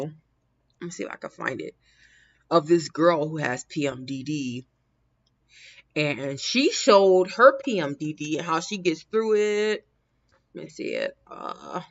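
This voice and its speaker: A woman's voice: low voice, creaky. Woman, livestream host, rambling casual chat, laughs a lot, dull lo-fi sound. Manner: rambling, frequent laughs and restarts.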